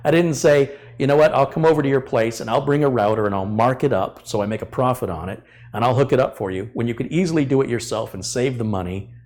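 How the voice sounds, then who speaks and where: A man's voice: mid-range voice, quick pace, few pauses, a little mellow. A middle-aged man hosting a live tech stream, ranting bluntly and acting out his customers' side of phone calls. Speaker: tech channel host.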